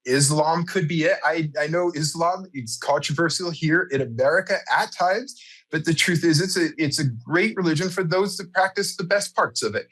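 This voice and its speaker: A man's voice: fairly high pitch, normal speed, a bit bright. A man being interviewed as a guest, speaking reflectively in long, thoughtful explanations. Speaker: church founder, podcast guest. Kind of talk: conversational interview.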